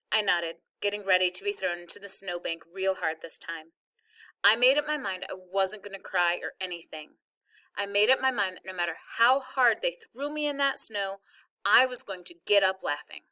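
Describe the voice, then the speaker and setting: A woman's voice: mid-range voice, moderate pace, pushed and bright, clear, resonant tone. A woman reading a first-person novel chapter aloud as narrator. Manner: plain storytelling.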